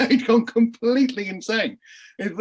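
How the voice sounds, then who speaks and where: A man on a panel telling lively courtroom anecdotes over a video call, with frequent restarts and laughing mid-story. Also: very high voice. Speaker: crime writer and former barrister on a panel. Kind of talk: casual panel chat, anecdotes.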